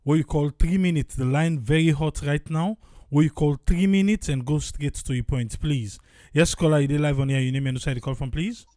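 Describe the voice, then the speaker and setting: A man with a Sierra Leonean Krio accent hosting a radio call-in, giving brisk, formulaic prompts to callers. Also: on the high side, mellow, dry recording, studio quality.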